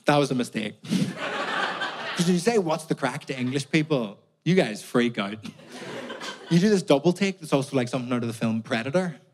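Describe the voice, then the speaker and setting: A young man with a Belfast accent doing stand-up comedy, animated, sweary and exasperated, on a stage mic. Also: mid-range voice, brisk, long pauses, crowd noise. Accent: Northern Irish, Belfast. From Northern Ireland. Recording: live audience laughter in a venue. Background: audience laughing.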